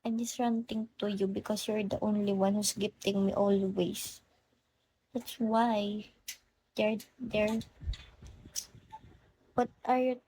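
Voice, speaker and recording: A woman's voice: mid-range voice, steady tone, takes it slowly, long pauses, dark tone, a little hiss or hum, poor audio. A young woman with a Filipino accent, chatting casually on a live stream, greeting viewers by name and slipping into Tagalog phrases. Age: young adult. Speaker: livestreamer.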